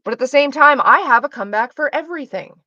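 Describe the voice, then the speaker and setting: A woman's voice: high-pitched, expressive, fast, dry recording, highs cut off. A woman streamer chatting casually with her viewers, profane, sarcastic and ranting. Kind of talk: casual chat.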